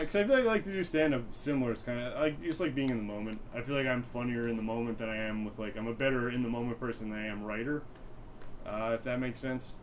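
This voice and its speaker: Self-deprecating young comic rambling casually. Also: male voice, medium pitch, a little hiss or hum, rough recording. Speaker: stand-up comic, guest. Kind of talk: casual interview chat.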